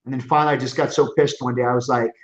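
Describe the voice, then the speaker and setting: A man's voice: mid-range voice, flat delivery, racing. A middle-aged man, a chiropractor, giving an earnest, emphatic motivational webinar talk from his office, often restarting his sentences. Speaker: chiropractor and coaching group founder. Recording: roomy, dull lo-fi sound.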